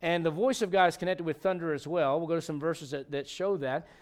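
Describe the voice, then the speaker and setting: A man's voice: fairly high pitch, fairly quick. A male pastor preaching a conversational sermon to his congregation, emphatic and full of questions to the room. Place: church sanctuary.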